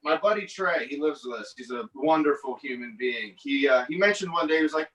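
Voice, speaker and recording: A man's voice: a little high, a little fast, fairly bright tone, distant mic, low-quality recording. A male stand-up comic telling a rambling, profane, self-mocking story during an online stream set, on a headset mic.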